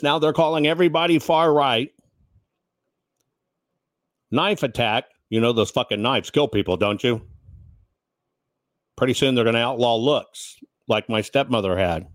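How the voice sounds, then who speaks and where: A man's voice: mid-range voice, moderate pace, pauses often, no echo, clean studio sound. A man giving angry political commentary, sarcastic and full of swearing. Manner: sarcastic, profane.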